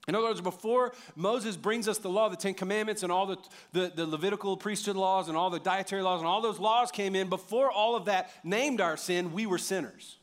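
A man preaching a sermon as pastor, animated and conversational, swinging from loud bursts to quiet emphasis and joking with the congregation. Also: sits high, quick pace.

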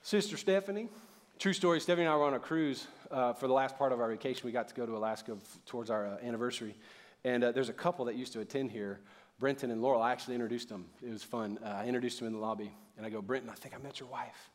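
A middle-aged man preaching a sermon in church, talking casually and joking, then building up to loud, fervent preaching. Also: medium pitch, fairly even intonation, rapid-fire. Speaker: pastor.

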